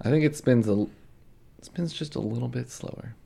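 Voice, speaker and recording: A man's voice: medium pitch, moderate pace, vocal fry, mellow, husky. A man co-hosting a podcast, telling a story in a casual, joking way. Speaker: podcast co-host. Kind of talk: casual comedic chat.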